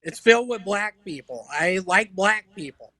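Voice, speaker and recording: A man doing a stand-up set, delivering deadpan one-liners with hesitant fillers between jokes. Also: high voice, moderate pace, no room sound, low-quality recording. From Memphis, Tennessee. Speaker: stand-up comedian.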